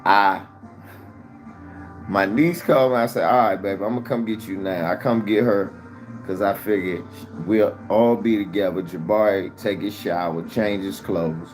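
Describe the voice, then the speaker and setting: Low-voiced man telling a frantic story. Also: normal speed, soft background music. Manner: animated storytelling with heavy profanity. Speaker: vlogger. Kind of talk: casual storytime.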